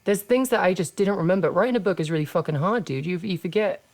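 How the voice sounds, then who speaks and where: A podcast host who also wrestles, this English woman in her thirties talks quickly in a lowish, slightly mellow voice. She keeps the chat casual, laid-back and blunt, with plenty of swearing.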